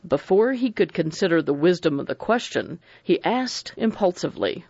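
A man narrating an audiobook in an even, unhurried storytelling manner. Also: sits high, vocal fry, no room sound, muffled recording. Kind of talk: scripted narration.

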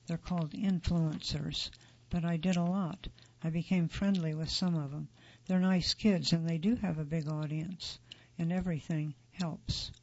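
High, gravelly male article narrator. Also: fairly even intonation, unhurried, darkish tone, lo-fi sound. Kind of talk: scripted narration of a magazine feature.

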